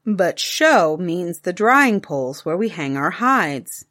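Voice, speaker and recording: A woman's voice: on the low side, very animated, slow, fairly bright tone, heavily acted. A woman voicing a patient, playful cave-man father who explains things, in a storybook reading.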